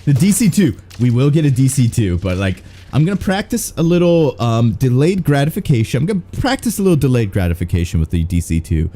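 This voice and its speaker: A man's voice: mid-range voice, sing-song, a little fast, mellow. A young man doing casual, rambling live-stream gameplay commentary, swearing and self-mocking. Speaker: game streamer.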